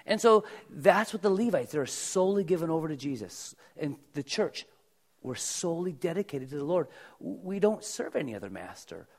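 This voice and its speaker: A man's voice: a little high, big pitch swings, moderate pace, darkish tone. A middle-aged male pastor preaching a sermon, explaining scripture in a conversational, folksy way with asides to the congregation.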